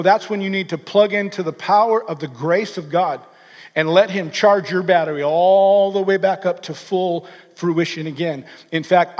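A man with a high voice preaches with earnest energy, stumbling and restarting his phrases as he pushes his points. His sermon rings out with a long reverb trailing behind it, as if it were recorded in a large hall. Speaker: pastor.

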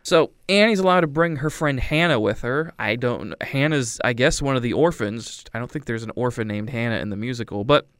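A man giving a casual, rambling film review with a wry tone, dropping into quick character voices. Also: medium pitch, a bit bright, dry recording, clean studio sound.

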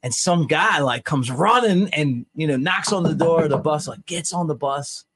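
A man's voice: a little high, moderate pace, a bit bright, husky, no room sound. A middle-aged man co-hosting a podcast, chatting in a loose, rambling way with lots of fillers. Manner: rambling, lots of "like" and "you know", laughs at own stories. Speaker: podcast co-host, play-by-play announcer. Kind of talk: casual chat.

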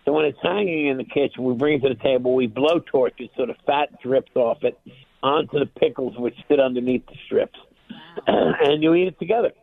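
Chef guest on a tinny phone line. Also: male voice, mid-range voice, fairly quick, vocal fry, no room sound. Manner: relaxed, plainspoken, explaining. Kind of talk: phone interview.

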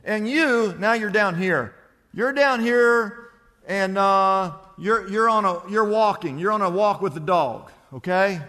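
A male pastor delivers a sermon, driving his points home through repetition and vivid storytelling. His voice sits high for a man. A long hall echo trails each phrase. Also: measured pace, bright, forceful tone.

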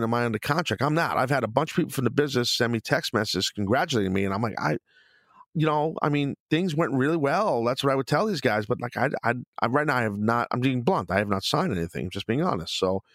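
A man's voice: medium pitch, no echo, clean studio sound. A man hosting his own podcast, answering listener questions in a blunt, rambling, profane way. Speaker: podcast host.

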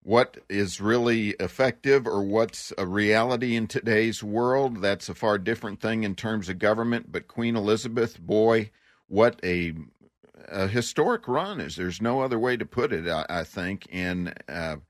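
A man co-hosting a talk radio show, giving measured, opinionated commentary in casual chat. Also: lowish voice, no room sound, clean studio sound.

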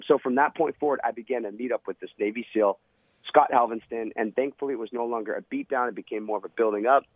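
A former Navy SEAL tells a vivid, dramatic story in an interview, his medium-pitched voice moving at a quick pace. The recording is dry, with a tinny phone-line sound.

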